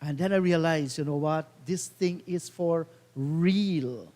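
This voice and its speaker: A man calls a cricket match in a slightly raised voice, slipping into relaxed, reminiscing anecdotes. His commentary carries a long reverb tail. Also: a little high, slow pace. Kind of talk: live cricket commentary with storytelling.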